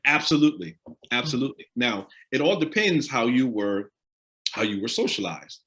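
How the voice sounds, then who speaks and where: A man runs an interactive talk with a lively, rising and falling voice. He speaks in an animated way and keeps asking his listeners direct questions. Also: medium pitch, normal speed. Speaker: discussion leader on a live stream.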